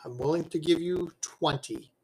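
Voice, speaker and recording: A man voicing an earnest male merchant patron who bargains in a steady, insistent way. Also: fairly high pitch, moderate pace, husky, poor audio. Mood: firm. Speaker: game master.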